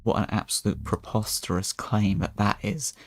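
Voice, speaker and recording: A man with a low, gravelly voice chats his way through a strategy game as a VTuber persona. He rambles and often restarts his sentences. The delivery is loose and casual. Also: steady tone, moderate pace. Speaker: VTuber streamer. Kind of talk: casual gameplay commentary in character.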